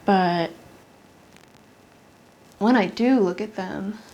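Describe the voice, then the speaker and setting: A young adult woman performing a confessional comedy monologue, intense and halting, with an emotional delivery. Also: mid-range voice, darkish tone. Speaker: solo comedian. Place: apartment.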